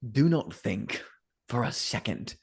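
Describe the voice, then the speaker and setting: A man's voice: lowish voice, sing-song, takes it slowly, gravelly, breathy edge, exaggerated voice. A man playing a blustering police inspector. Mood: threatening. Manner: indignant, huffy. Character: stiff, red-faced police inspector, blustering.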